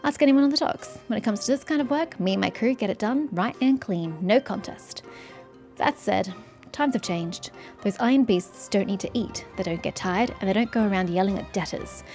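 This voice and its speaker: A woman's voice: medium pitch, normal speed, darkish tone, soft background music, close to an everyday voice. A woman voicing a proud burly dock worker. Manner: proud, boastful. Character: proud hardworking male dock laborer.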